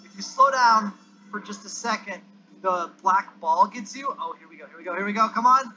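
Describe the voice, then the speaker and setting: A male gamer giving excitable commentary as he plays, yelping and groaning at the game. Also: high-pitched, normal speed. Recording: dull lo-fi recording with faint hiss.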